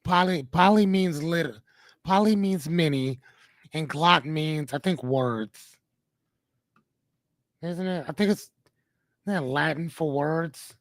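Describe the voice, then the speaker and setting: A man's voice: a little high, slow, pauses often, dry recording, studio quality. A man hosting a podcast in a casual, rambling way, often correcting himself and talking to his listeners. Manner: rambling, self-correcting, talks to the chat. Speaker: podcast host.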